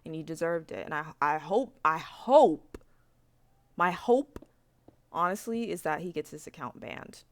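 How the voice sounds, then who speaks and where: A woman's voice: sits low, lively intonation, a little slow, no room sound, studio quality. A young woman telling a story to camera in a frank, rambling rant, with lots of fillers and swearing. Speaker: vlogger.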